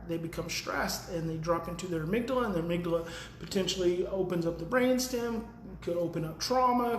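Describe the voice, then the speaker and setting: Man, parenting educator, casual live-stream talk, animated and emphatic, fairly high voice, roomy echo. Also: slight background noise. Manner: animated, swings from low and calm to loud and emphatic. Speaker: parenting educator hosting a daily live video.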